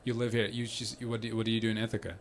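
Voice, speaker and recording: This stand-up comedian has a lowish, monotone voice and speaks very fast while doing crowd work, teasing audience members and laughing often. He's on a comedy venue stage, with a loud live crowd and a little hiss or hum in the recording.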